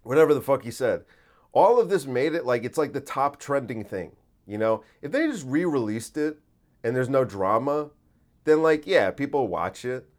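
A man hosts his podcast alone, rambling casually with many fillers and the odd curse. His voice sits at an ordinary, mid pitch. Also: sing-song, normal speed, darkish tone. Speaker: podcast host. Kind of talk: casual solo monologue.

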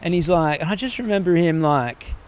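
A man with an Australian accent tells long, winding stories in a casual podcast chat. His voice sits a little higher than most men's. He swears often and rarely finishes a sentence before starting the next. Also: brisk, smooth. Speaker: podcast guest.

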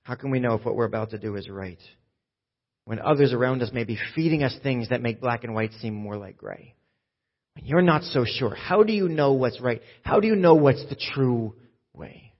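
A pastor preaches in a husky, mid-pitched man's voice. He drops to near a whisper, then builds to loud, urgent appeals. The recording sounds dull and muffled. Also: animated, normal speed. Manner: swings from hushed to loud and urgent. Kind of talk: sermon.

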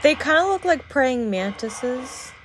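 Woman co-host for a game stream; soft, relaxed delivery, giggles a lot, easygoing. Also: high voice, unhurried. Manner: soft-spoken, giggly, laid-back. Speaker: let's play co-host. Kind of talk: casual gameplay chat.

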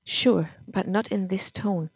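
A woman reading as a wounded young wife who speaks softly and pleadingly in a storybook reading. The voice is mid-pitched and the recording is dry and close. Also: slow pace, breathy edge, no room sound. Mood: shocked, pleading. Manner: quiet, hurt, pleading. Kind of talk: audiobook-style story reading.

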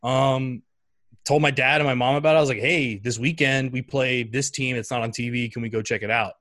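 Animated storytelling man, dry sound. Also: mid-range voice, fairly quick, no echo. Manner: animated, acts out voices in his stories. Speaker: guest. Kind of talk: casual storytelling.

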